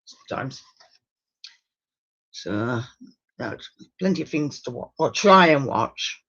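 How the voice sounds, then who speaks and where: A woman's voice: very deep voice, animated, slow, a bit bright, slightly rough. A woman in casual conversation who mutters blunt remarks and mild curses to herself. Her voice sounds dull and muffled, as if picked up from a little way off the mic. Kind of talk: casual chat.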